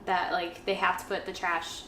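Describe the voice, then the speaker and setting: A woman's voice: on the low side, flat delivery, normal speed, sharp tone, a little hiss or hum. A woman co-hosting a travel podcast tells stories in a casual, conversational way. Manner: conversational storyteller, casual fillers. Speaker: podcast co-host. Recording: echoey room, faint ambience.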